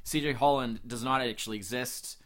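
A man's voice: mid-range voice, fairly even intonation, brisk, a crowd in the background. A man co-hosting a podcast in casual chat, sharing background facts with many filler words. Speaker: podcast co-host.

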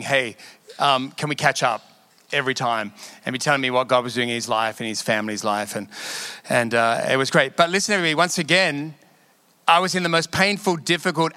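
Bright-voiced pastor preaching with gusto. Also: male voice, medium pitch, smooth, no room sound. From Australia. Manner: storytelling, laughing often, animated emphasis. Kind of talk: sermon.

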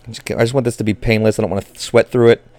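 Low-voiced anxious man swearing at a game. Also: steady tone, rapid-fire, a little mellow, no room sound. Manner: anxious, profane, swings from groans to outbursts. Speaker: baseball fan watching a game. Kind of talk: live reaction commentary.

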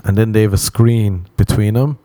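Crude joking Irishman, low mellow voice. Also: steady tone, normal speed, no echo. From Ireland. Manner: crude, self-mocking, laughs at own jokes. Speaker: comedian. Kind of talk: comedic monologue.

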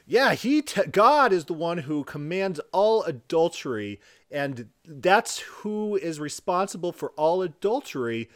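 A man's voice: a little high, sing-song, measured pace, few pauses. A man giving sarcastic rebuttal commentary with mocking, mock-exasperated outbursts.

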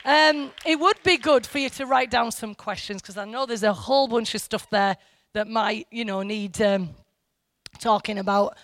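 A man's voice: high voice, moderate pace, a bit bright. A man giving an informal Bible teaching, reflective and a little hesitant. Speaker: church teacher.

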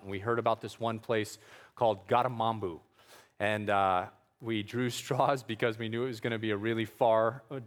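A man's voice: mid-range voice, fairly bright tone, long reverb tail. A man telling a story from his missionary work in a loose, conversational way, with fillers and small chuckles. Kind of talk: storytelling talk.

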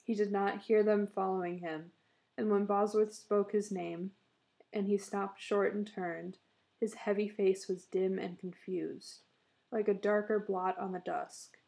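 A woman reads a short story aloud at a steady, measured pace. Her voice is gravelly, with a dark, mellow tone. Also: medium pitch. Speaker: narrator.

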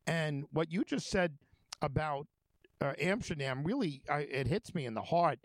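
A man's voice: on the high side, lively intonation, normal speed, no room sound. Rambling talk show host, a man. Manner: rambling, many fillers and restarts. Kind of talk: casual conversation.

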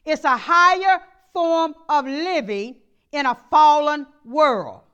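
Woman pastor, high voice, sermon delivery with call-and-response, soft to shouting. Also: takes it slowly, muffled recording.

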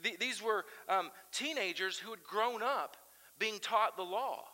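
A man preaching a sermon as pastor, animated and swinging between loud emphasis and quiet intensity. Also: high-pitched, a little slow, in a large hall, rough recording. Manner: animated preaching, chanting crowd shouts aloud.

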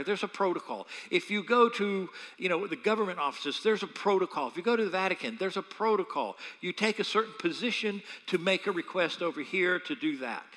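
A man, a pastor, preaching a sermon with animated, humorous storytelling. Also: high-pitched, long reverb tail.

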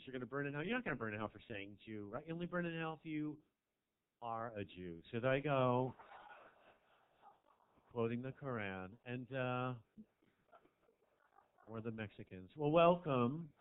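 Man, stand-up comic, campy and brash, teasing the crowd, slightly high voice, thin phone-like sound. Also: slight background noise. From American South. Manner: brash, campy crowd work with big swings in loudness. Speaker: stand-up comedian. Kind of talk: stand-up comedy set. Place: small comedy club. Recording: tinny phone-like audio.

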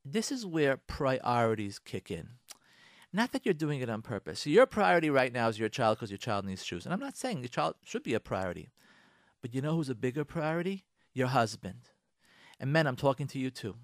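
A man hosting a radio show, giving marriage advice in a lively, direct way, acting out both spouses and speaking. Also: medium pitch, fairly quick, no room sound, studio quality. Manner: animated, acts out both spouses in quotes, lectures the listener directly. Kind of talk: direct-address advice talk.

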